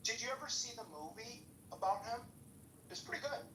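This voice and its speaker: A woman's voice: on the high side, lively intonation, brisk, fairly bright tone. A woman on a podcast chatting casually about politics, hesitant and restarting often. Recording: echoey room with faint noise.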